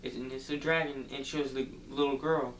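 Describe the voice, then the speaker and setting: A man casually retelling a movie plot for a review, rambling loosely and filling pauses with "like" and "um". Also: medium pitch, steady tone, a bit bright. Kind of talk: casual spoken movie recap. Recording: roomy echo, distant mic, faint hum.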